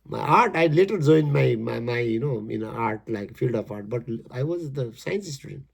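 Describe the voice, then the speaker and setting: A man explaining his poem in halting, emphatic English, repeating his words as he goes. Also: mid-range voice, animated, gravelly, slightly rough. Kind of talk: casual spoken explanation.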